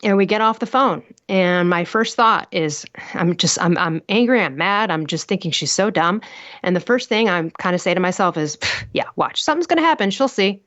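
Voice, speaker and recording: A woman's voice: lowish voice, moderate pace, fairly bright tone, dry recording. A woman talking as a guest on an interview podcast, telling stories bluntly and emphatically, full of rhetorical questions. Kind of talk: animated interview talk. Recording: muffled dry podcast audio.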